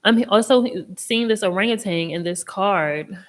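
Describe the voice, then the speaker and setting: A young woman hosting a casual live tarot reading, chatty and expressive, with a reassuring tone and casual swearing. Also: medium pitch, moderate pace. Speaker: tarot reader and live stream host.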